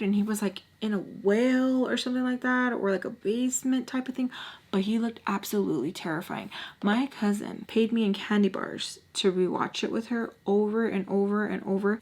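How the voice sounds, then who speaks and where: Chatty woman telling a story. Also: mid-range voice. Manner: chatty, animated, often drops to a whisper. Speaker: storytime vlogger. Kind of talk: casual storytelling.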